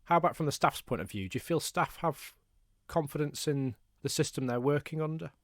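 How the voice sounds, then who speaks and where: A man hosting a radio interview, asking measured, probing questions. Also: a little high, no echo, studio quality. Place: radio studio.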